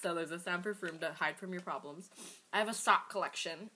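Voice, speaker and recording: A woman's voice: lowish voice, bright, forceful tone. A young woman with braces and a slight lisp, chatting and joking through a party card game. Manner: giggly, quick to joke. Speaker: game player. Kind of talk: casual chat, playing a card game.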